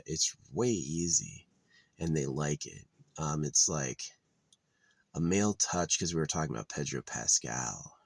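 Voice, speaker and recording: Very deep gravelly man rambling. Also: dry recording. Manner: meandering, crude, blunt opinions with many fillers. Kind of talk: rambling monologue. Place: outdoors.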